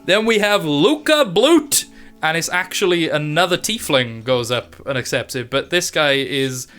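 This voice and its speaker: A man's voice: fairly high pitch, animated, measured pace, a bit bright, faint music behind. A man running a tabletop game as dungeon master, narrating in a chatty, loose style and laughing often.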